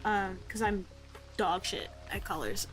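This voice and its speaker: A woman's voice: a little high, low-quality recording. Rambling young woman art streamer. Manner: rambling and self-deprecating, lots of "like" fillers. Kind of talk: casual chat while drawing on stream.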